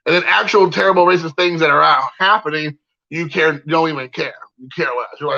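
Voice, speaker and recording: A man's voice: fairly high pitch, brisk, gravelly, pushed and bright, muffled recording. A man giving a heated, rambling opinion rant, repeating himself and leaning on fillers. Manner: heated, repetitive, many fillers. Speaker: card collector vlogger.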